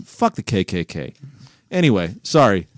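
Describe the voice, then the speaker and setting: A man co-hosting a casual podcast from a home recording room, cursing freely and breaking into loud disbelief. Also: fairly low pitch, big pitch swings, moderate pace, no echo, clean studio sound. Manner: profane, incredulous, loud bursts of disbelief. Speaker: podcast co-host. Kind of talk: casual banter.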